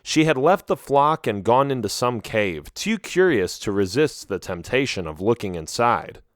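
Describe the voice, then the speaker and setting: A man narrates a children's animal story in the first person with an expressive reading. His pitch is middling and moves about a lot. The recording is close and dry. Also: normal speed, dry recording. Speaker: audiobook narrator.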